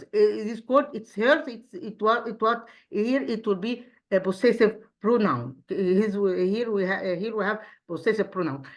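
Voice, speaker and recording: Woman, English teacher, grammar review, hesitant delivery, repeats words, rhetorical questions. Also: mid-range voice. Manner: hesitant, frequent fillers and restarts.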